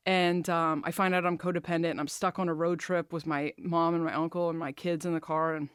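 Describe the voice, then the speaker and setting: A woman's voice: on the low side, little pitch movement, fairly quick, clean tone, dry recording, clean studio sound. A woman hosting a podcast, telling a candid, emotional personal story, swearing freely and talking openly about her feelings. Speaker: podcast host.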